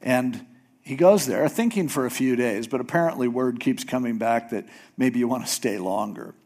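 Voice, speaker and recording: A man preaching a sermon, retelling a story in a casual, animated way. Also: mid-range voice, normal speed. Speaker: pastor.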